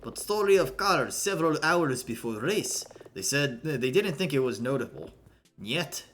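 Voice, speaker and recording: A man voicing a woman street racer with a thick put-on Russian accent, reading game dialogue in slow, broken English. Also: medium pitch, sing-song, fairly bright tone, a little hiss or hum. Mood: earnest.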